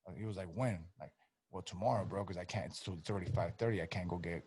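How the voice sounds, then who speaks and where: A man's voice: sits low, quick pace, a little mellow. A man telling a story in a laid-back way, cursing freely and acting out both sides of the exchange. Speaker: guest, pro boxer. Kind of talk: casual storytelling chat.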